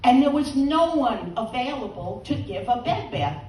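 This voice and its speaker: A woman's voice: high-pitched, very animated, normal speed, darkish tone, slight background noise. A woman doing a bawdy stand-up routine, teasing the audience and laughing at her own jokes. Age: 80s. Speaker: stand-up comedian. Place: comedy stage before a live audience. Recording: roomy, distant stage sound.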